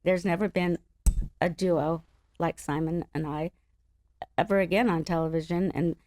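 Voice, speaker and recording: A middle-aged woman from the Los Angeles area, an interview guest telling stories in an animated, laughing way. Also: on the low side, moderate pace, dry recording. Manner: animated, laughing, acts out other people's voices. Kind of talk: casual storytelling chat.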